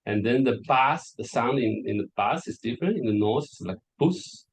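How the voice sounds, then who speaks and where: A man's voice: mid-range voice, brisk, slightly rough, rough recording. A man giving an academic presentation in a casual way, full of "like" and "okay". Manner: casual, filler-heavy, with frequent "like" and "okay". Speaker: conference presenter.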